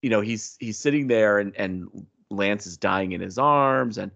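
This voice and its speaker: A man co-hosting a casual comic book podcast, laughing often and acting out quoted dialogue with animated delivery. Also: lowish voice, unhurried, vocal fry, lo-fi sound. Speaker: podcast co-host.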